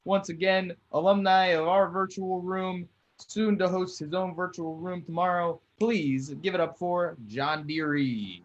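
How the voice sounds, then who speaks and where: A man's voice: high-pitched, unhurried, dull audio. A man hosting an online comedy show over a video call, joking loosely as he introduces the comics. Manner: loose, joking, laid-back. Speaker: host.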